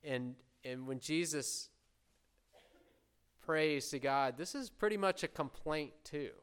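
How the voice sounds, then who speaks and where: A man preaching a sermon, earnestly explaining scripture and slowing down to voice prayers with emphasis. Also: a little high, fairly bright tone, smooth. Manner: earnest, slows and swells when voicing prayers.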